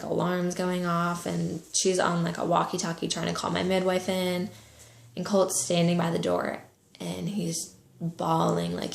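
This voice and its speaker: A young woman in her twenties telling a personal story to camera, soft-spoken and halting, with many pauses and fillers. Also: on the low side, vocal fry, echoey room. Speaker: vlogger.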